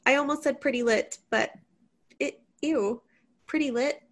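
A woman's voice: high-pitched, unhurried. A woman voicing a chatty female house cat who hosts a podcast, bubbly and rambling. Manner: bubbly, rambling, self-interrupting. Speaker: podcast host. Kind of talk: casual chat.

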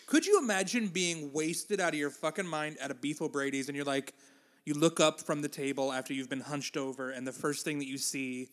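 A man's voice: on the high side, brisk. A man co-hosting a podcast in casual chat who laughs often and swears casually. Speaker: podcast co-host, stage actor.

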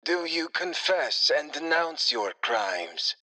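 A man doing a squeaky, cold interrogator. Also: exaggerated voice, rough recording. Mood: cold, calm. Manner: slow, calm, clipped official tone. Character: calm squeaky male interrogator, cold bureaucrat. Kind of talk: audiobook character voice.

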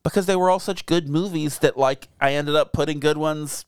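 A man's voice: on the high side, normal speed, clean tone, no room sound, studio quality. A man co-hosting a podcast, chatting casually and crudely about movies, rambling and laughing. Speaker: podcast co-host. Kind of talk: casual movie-talk chat.

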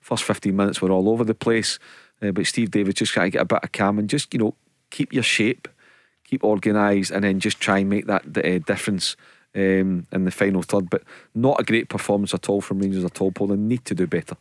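Radio pundit, lowish voice, rapid and filler-heavy, dry close mic. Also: male voice, fairly even intonation, no echo. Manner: fast talker, many "you know" fillers. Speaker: football pundit. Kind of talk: radio football chat. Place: radio studio.

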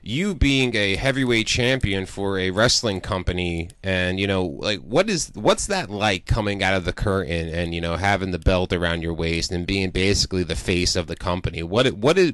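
A man's voice: sits low, lively intonation, moderate pace, hardly any pauses, fairly bright tone, smooth, dry recording, studio quality. A man in his thirties, co-hosting a podcast interview in casual, rambling talk with many fillers and restarts. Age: 30s. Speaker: podcast co-host.

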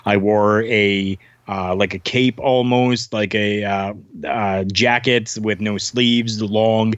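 A man's voice: fairly low pitch, fairly even intonation, slow, no room sound, lo-fi sound. A man from Canada, a former wrestler, telling long rambling stories on a podcast with lots of fillers and restarts, acting out what others said. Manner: rambling anecdotes with many fillers and restarts, acting out quoted voices. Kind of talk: casual storytelling.

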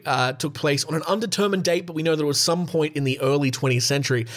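A male podcast host with a slightly higher-than-average voice reads out animal facts in a loose, chatty way. He keeps breaking off for jokes at his own expense and wry asides. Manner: jokey, self-deprecating asides. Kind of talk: casual podcast chat reading animal facts.

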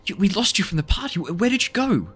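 A frantic young wood elf man pleads in shrill, hurried bursts, put on by a man. His voice sits far above a normal male range. Soft music plays faintly underneath. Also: husky, full character voice. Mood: alarmed. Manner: panicky, pleading, shrill repetitions.

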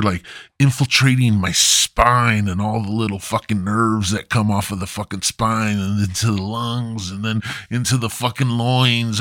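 A man's voice: mid-range voice, vocal fry, pushed and bright, no room sound, studio quality. A man hosting a podcast, telling a rambling, profane story in a laid-back, casual way. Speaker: podcast host.

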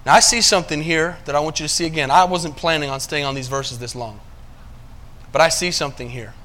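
Preacher, male, high bright voice, shifts from hushed asides to loud emphasis. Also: brisk. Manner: preaching, asks the congregation if they follow; swings between quiet low asides and loud emphatic passages. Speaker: pastor. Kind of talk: sermon.

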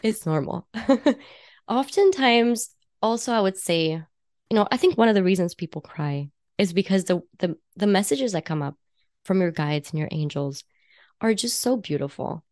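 A woman guesting on a podcast as an intuitive coach, talking in a chatty, warm way with frequent laughs, fillers and restarts. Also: mid-range voice, animated, moderate pace, no room sound, studio quality. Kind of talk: casual podcast conversation.

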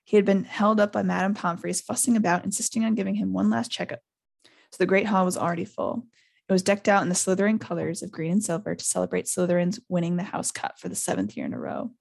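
A woman's voice: on the low side, quick pace, gravelly. A woman hosting a podcast, reading a book aloud live with character voices and chatty asides. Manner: reads with animated character voices, laughs often.

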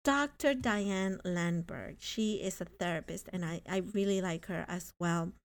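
A woman hosting a faith-based podcast, speaking earnestly and reading scripture aloud. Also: lowish voice. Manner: earnest, reads scripture slowly. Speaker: podcast host.

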